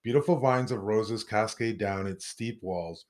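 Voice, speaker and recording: A man's voice: lowish voice, a little slow. A man from Canada co-hosting a podcast, bantering in a joking, self-mocking way. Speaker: podcast co-host.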